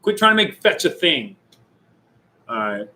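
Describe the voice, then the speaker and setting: A man's voice: fairly high pitch, very animated, measured pace, bright, forceful tone, rough recording. A young man and youth pastor chatting casually and jokingly with viewers on a livestream. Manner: jokey, playful, chatty with viewers.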